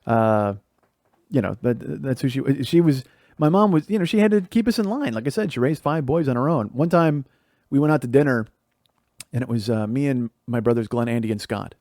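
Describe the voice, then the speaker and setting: A man's voice: mid-range voice, lively intonation, fairly quick, a little mellow, no echo, clean studio sound. A middle-aged man from the Chicago area, hosting a podcast and telling profane stories about his childhood, laughing as he goes. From Chicago area, USA. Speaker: podcast host. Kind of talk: storytelling monologue.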